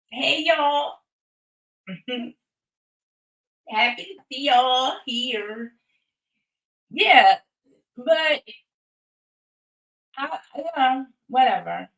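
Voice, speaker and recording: A woman's voice: mid-range voice, vocal fry, fairly bright tone, echoey room. A woman chatting on a casual livestream, rambling and swearing freely as she talks straight to her viewers. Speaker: livestream host. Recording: voice a bit distant from the mic.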